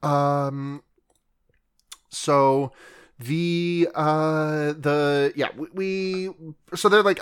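A man with a slightly raised voice chats casually as a podcast co-host. He recaps a movie in a loose, rambling way, dropping filler words and crude jokes. He keeps slipping into quick, offhand impressions of the characters. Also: a little high, smooth. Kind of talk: casual chat.

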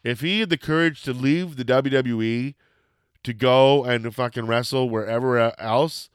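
Chatting casually, this Canadian speaker rambles through a story, raising his voice and swearing as he performs each exchange with animation. The voice is medium in pitch, smooth and clear, moving at a normal speed, captured up close with a dry sound and no echo.

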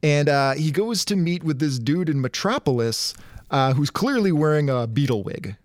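A man's voice: a little high, lively intonation, normal speed, no echo, clean studio sound. A young adult man on a podcast, recapping with wry, profane humor. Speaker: podcast co-host. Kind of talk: casual chat.

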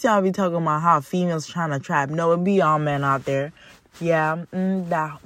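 A woman's voice: low voice, no echo. A young woman hosting a podcast, telling dating stories in a blunt, exasperated, profane casual rant. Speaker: podcast host.

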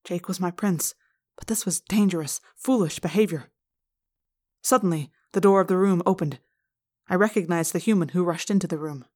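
Woman reading a story aloud, steady. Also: on the low side, moderate pace. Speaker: audiobook reader. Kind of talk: first-person audiobook narration.

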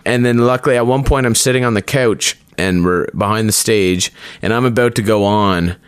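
A man's voice: normal speed, clear, resonant tone, dry recording, studio quality. A man telling a casual story about a chaotic festival day, acting out the people he quotes. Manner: animated, acts out quotes with pitch jumps. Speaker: storyteller guest; performer.

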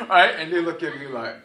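A pastor with a sharp, slightly high voice preaches to his congregation conversationally, scattering "right?" asides and quick laughs throughout his sermon.

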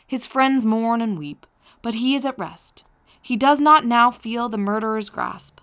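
A woman reading the part of a gentle, sympathetic young man consoling a grieving friend, in a tender, consoling manner. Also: on the high side, unhurried.

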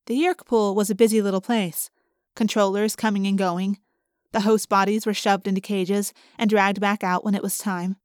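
Woman reading a novel aloud, steady clear telling, dry close sound. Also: medium pitch, no echo. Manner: clear, measured storytelling. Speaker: audiobook narrator. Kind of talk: first-person audiobook narration.

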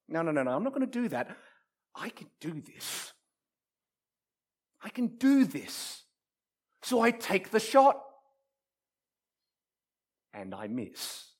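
A man preaching a sermon, telling stories dramatically and building up repeated phrases, shifting from quiet to loud. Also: sits high. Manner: dramatic storytelling with wide swings from soft to loud; repetitive rhetorical build-ups.

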